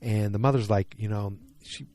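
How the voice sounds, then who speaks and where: Rambling man with a warm, low voice. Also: fairly even intonation, moderate pace. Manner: rambling, many fillers and restarts. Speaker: podcast host. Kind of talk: casual solo episode recap.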